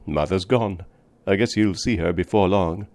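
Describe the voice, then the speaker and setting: A man's voice: low-pitched, moderate pace, a little mellow. A man voicing a dying frontier wanderer, weary. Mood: tender, weary. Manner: tender, rough folksy drawl.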